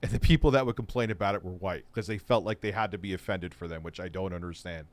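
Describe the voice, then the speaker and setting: A man's voice: sits low, quick pace, dry recording. A man hosting an online show, giving casual, sarcastic commentary on clips. He sounds exasperated and swears freely. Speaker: host.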